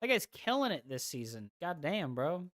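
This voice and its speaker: A woman streams a game and chats casually with her viewers, trading crude, profane, teasing banter. Her low voice is very animated, and her pace is moderate.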